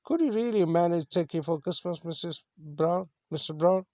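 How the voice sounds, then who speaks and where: A man voicing a polite woman customer, reading her lines a little higher. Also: moderate pace, no room sound, clean studio sound, lightly acted.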